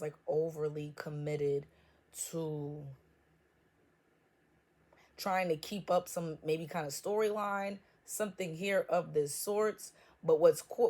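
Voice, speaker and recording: A woman's voice: lowish voice, darkish tone. A woman giving a casual tarot reading, blunt and profane with joking trash talk. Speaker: tarot reader.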